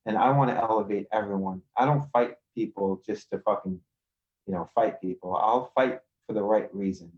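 Low-voiced, profane New storyteller. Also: male voice, normal speed, highs cut off. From Queens, New York. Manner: profane, swaggering street storyteller. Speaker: podcast guest. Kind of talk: casual storytelling. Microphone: video call.

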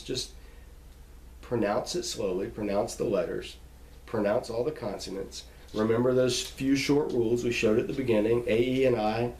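A man's voice: fairly low pitch, a little mellow, roomy sound, a little hiss or hum, rough recording. A man reading a list of scripture names aloud and stopping to explain how to pronounce them, in a teaching tone. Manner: reads name lists slowly, pausing to spell out pronunciations.

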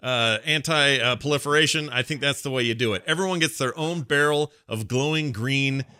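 A man's voice: medium pitch, brisk, pushed and bright, clean tone, no echo, studio quality. A man hosting a call-in radio talk show, casual and joking, taking callers. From Utah. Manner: casual, joking, laughs often.

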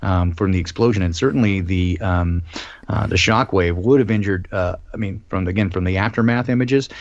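A man hosts a casual live-stream talk, hesitating often and restarting his sentences. His voice sits a little low. The audio is dull and dry, like a remote call. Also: fairly quick, no echo. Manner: hesitant, many ums and restarts. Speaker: host.

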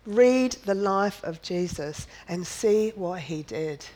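A woman's voice: mid-range voice, expressive, slow, few pauses, mellow, low-quality recording. A woman preaching a sermon, emphatic and repetitive, firing off rhetorical questions and slipping in playful jokes. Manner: drops in playful asides and jokes.

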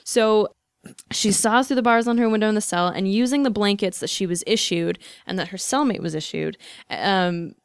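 A woman's voice: medium pitch, moderate pace, clear, resonant tone, dry recording. A woman hosting a podcast, telling a story in a casual, chatty way with frequent fillers. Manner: chatty, with frequent likes and ums. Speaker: podcast host.

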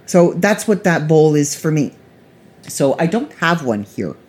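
A woman's voice: low-pitched, very animated, measured pace, a little mellow. A middle-aged woman telling a long, rambling personal story in a chatty, casual way, with frequent restarts.

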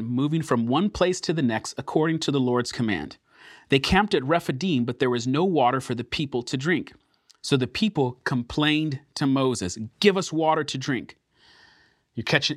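A man teaching a sermon through scripture, earnest and emphatic, slowing down to stress key words. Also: mid-range voice, a bit bright, no room sound, clean studio sound.

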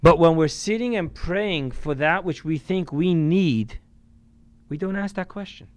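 A rabbi delivering a sermon in a smooth, resonant voice that sits a little high for a man. He preaches emphatically, swinging between loud and quiet, and drops in Yiddish and Hebrew religious terms. The sound is dry and close. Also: a little slow, no room sound.

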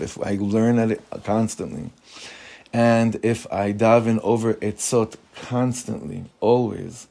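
Rabbi teaching an informal class. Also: male voice, lowish voice, fairly even intonation, slow pace, gravelly, warm tone. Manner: conversational, mixes Hebrew terms into English, asks the room questions.

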